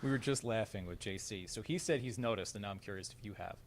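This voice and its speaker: Fast-talking male sports interviewer. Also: lowish voice, slight background noise. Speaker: interviewer, show host.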